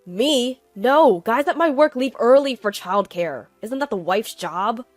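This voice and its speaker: A smug, belittling husband speaks in short, dismissive lines, put on by a woman narrator. The voice sits fairly high, and the sound is dry and close. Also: lively intonation, measured pace, no echo, faint music behind. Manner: dismissive, curt. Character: arrogant belittling middle-aged husband.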